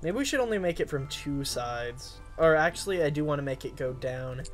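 A man's voice: on the high side, lively intonation, fairly quick, music in the background. Joking young man playing a block game. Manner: joking, chatty, breaks into silly voices. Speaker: gaming channel host. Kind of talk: casual let's-play chat.

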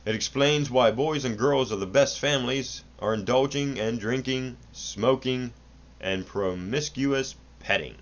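A man reading an old book aloud in an earnest, unhurried way, with small slips, in a dull lo-fi home recording. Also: medium pitch. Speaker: audiobook reader.

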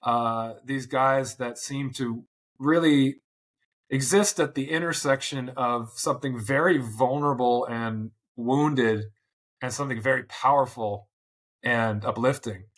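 A man's voice: medium pitch, a little slow, a bit bright. A man in his forties, a podcast guest, talking thoughtfully and earnestly with frequent restarts. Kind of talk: reflective interview talk.

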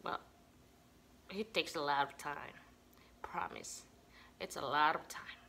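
At the family home, a mother vlogger with a Filipino accent chats playfully in broken English, repeating words in chains. Her voice is low, gravelly, sharp and sing-song, she speaks slowly, and there's slight background noise.

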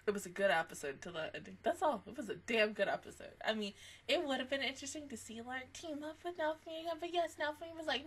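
A woman giving a casual anime reaction review, excitable and swearing, swinging between laughter and mock crying. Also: high-pitched, a little fast.

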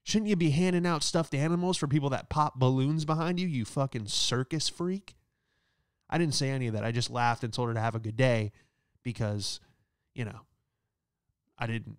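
A male comedian in the middle of a stand-up monologue, sarcastic and rambling, checking in with a steady "all right?" His voice sits at an ordinary pitch with a smooth, resonant clarity. It is recorded dry and close, with no room sound. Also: dry recording. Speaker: comedian host.

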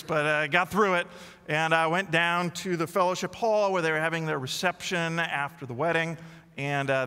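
Male pastor, sermon, self-deprecating humor, earnest, slightly high voice, reverberant hall. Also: pushed and bright, smooth. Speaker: lead pastor.

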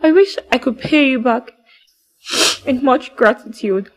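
Grateful Nigerian sister. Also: female voice, high-pitched, measured pace, low-quality recording.

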